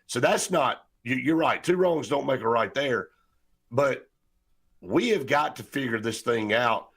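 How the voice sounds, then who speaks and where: A man's voice: mid-range voice, animated, unhurried, a bit bright, breathy edge. A man hosting a sports talk show, rambling with many restarts and fillers.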